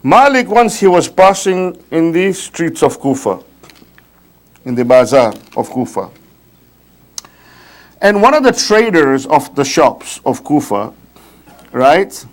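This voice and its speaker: A man giving a religious talk at a mourning gathering, telling a story with lively pacing and frequent tag questions like "right?". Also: fairly high pitch, takes it slowly, pauses often. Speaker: majlis speaker. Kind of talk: storytelling sermon.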